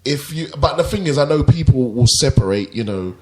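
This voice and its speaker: A man's voice: medium pitch, expressive, brisk. A man co-hosting a casual film chat, enthusiastic and filling his talk with "you know" and "like". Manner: enthusiastic, fond of filler 'you know' and 'like'. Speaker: podcast co-host.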